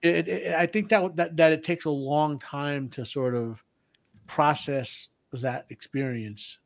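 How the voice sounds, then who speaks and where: A man in casual discussion, talking in a rambling, halting way with lots of filler words. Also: a little high, steady tone, creaky, no echo. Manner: rambling and halting, with frequent "you know" and "like". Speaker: co-host.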